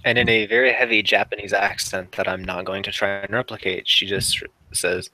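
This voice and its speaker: Bright-voiced man running a tabletop game. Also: fairly low pitch, flat delivery, fairly quick, few pauses, no room sound, rough recording. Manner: rambling, with frequent fillers. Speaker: game master.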